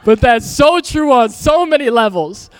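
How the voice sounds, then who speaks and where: A man preaching a sermon to a church, energetic and joking in a casual, conversational way. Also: very high-pitched, unhurried, clean tone, in a large hall. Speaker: pastor.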